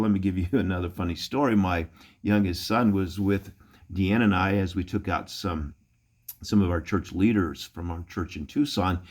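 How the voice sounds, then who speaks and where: Deep-voiced pastor telling folksy stories. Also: male voice, darkish tone. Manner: folksy anecdotal storytelling with chuckles. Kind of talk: storytelling sermon.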